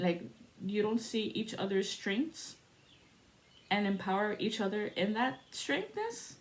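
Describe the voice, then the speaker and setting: A woman in her forties from the United States, telling stories in a casual, profane, animated monologue as a spiritual vlogger. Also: medium pitch, unhurried. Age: 40s. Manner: profane, animated storytelling with laughs.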